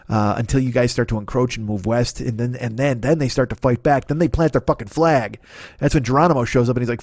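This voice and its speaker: A man's voice: medium pitch, no room sound, studio quality. A man in his fifties doing a rambling, profane comedic monologue as a podcast host. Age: 50s. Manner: profane, ranting, animated.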